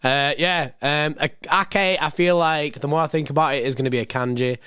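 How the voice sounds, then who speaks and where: A young man with a hoarse, worn voice chats loosely on a football live stream, reading out chat messages. He rambles and repeats himself in an easy, unhurried way. The sound is dry and close to the microphone. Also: on the high side, steady tone, sharp tone, no echo. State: hoarse, voice going.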